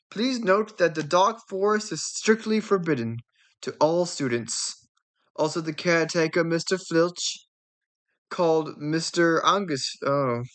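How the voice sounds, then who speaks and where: A woman voicing an elderly male headmaster making formal announcements in a fan reading of a film script. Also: lowish voice.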